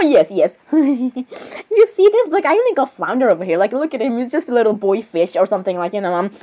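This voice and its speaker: Brief: high, lively young woman, giggly and flustered in a comic role-play. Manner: giggly, flustered, many apologies and fillers. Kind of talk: comedic role-play reacting to clips.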